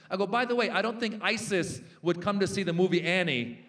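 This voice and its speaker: A stand-up comedian in his forties works a festival stage, his voice sitting high for a man. He jumps into quick, animated character voices to land each punchline. The delivery is brisk and built for a live crowd. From Iranian-American.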